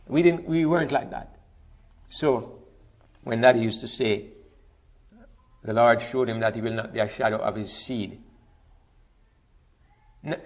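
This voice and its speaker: A middle-aged man with a Jamaican accent, telling a personal faith testimony in a reflective way, often repeating words as he restarts. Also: medium pitch. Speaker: speaker giving a testimony.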